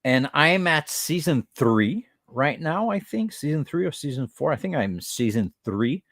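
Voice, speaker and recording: A man from Quebec with a Québécois accent hosts a casual podcast, his voice rising and falling in a lively way. He mixes English and French and stumbles through fillers and restarts. The sound is dry and close, with little room around it. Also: fairly high pitch, unhurried, no echo. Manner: animated, switches between English and French, many fillers and restarts; mimics other accents in bursts. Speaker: podcast host.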